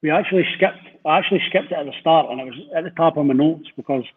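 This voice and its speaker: A man's voice: a little high, fast talker, breathy edge. Scottish male host on a tinny line. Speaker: podcast host. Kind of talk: casual interview chat.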